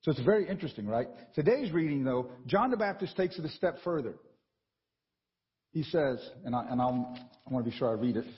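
A man preaching a sermon in a church, animated and conversational, often checking in with the congregation. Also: medium pitch, a little fast, big-room sound, lo-fi sound. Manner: animated and conversational, with frequent "right?" asides.

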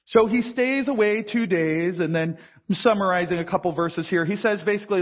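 A man's voice: high voice, fairly quick. A man preaching a sermon in a conversational way, acting out the voices from a Bible story. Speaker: pastor. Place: large cathedral. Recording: long church reverb, dull sound.

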